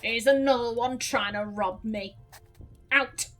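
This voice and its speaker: A woman voicing a gruff old male farmer who guards his pig, in a grumbling put-on accent, while playing a game. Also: fairly high pitch, a little slow, sharp tone, faint music behind. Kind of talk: game let's play, reading dialogue aloud.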